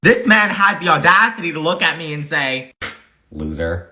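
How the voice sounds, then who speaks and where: A man's voice: fairly high pitch, fairly quick, pushed and bright, a little hiss or hum. A young man delivering a profane, exaggerated comedic rant monologue.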